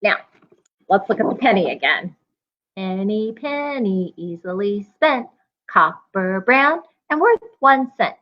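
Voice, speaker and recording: A woman's voice: mid-range voice, animated, highs cut off. A woman teacher giving a math lesson to young children, chanting coin rhymes and counting along with them. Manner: slow, sing-song coin rhymes with call-and-response.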